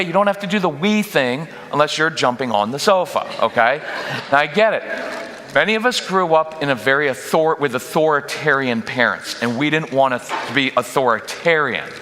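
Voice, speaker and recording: Bright-voiced man speaking in a reverberant hall. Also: fairly high pitch. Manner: direct, conversational, quick asides to the audience. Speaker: guest speaker at a parenting workshop. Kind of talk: live workshop talk. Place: church hall. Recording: long reverb in a church hall.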